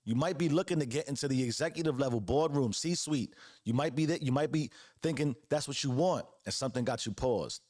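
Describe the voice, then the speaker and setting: A man's voice: mid-range voice, a little fast, darkish tone, dry recording, clean studio sound. Earnest man in his forties, motivational talk. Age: 40s. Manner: earnest, preachy, with slang and repeated phrases. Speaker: host. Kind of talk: motivational monologue. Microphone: close podcast mic.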